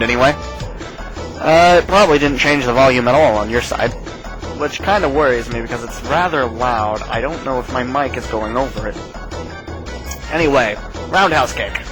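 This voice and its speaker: A man hosts a let's play, reading a text adventure aloud with casual asides. His voice sits at a medium pitch. Game music plays faintly behind him. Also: rough recording.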